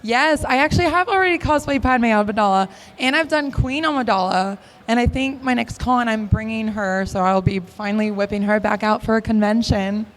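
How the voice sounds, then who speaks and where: A woman's voice: fairly high pitch, brisk, few pauses. A young woman answering fan questions at a convention panel, gushing and laughing often. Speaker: cosplay guest at a convention panel. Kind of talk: excited casual Q&A.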